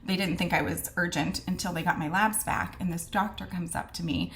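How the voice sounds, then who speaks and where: A woman's voice: on the low side, steady tone, brisk, a bit bright. A woman casually telling her personal story to camera, frank and chatty, acting out the conversations she recalls. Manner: chatty, retells scenes with quoted dialogue; frank, with mild swearing and many fillers. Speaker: vlogger sharing her diagnosis story.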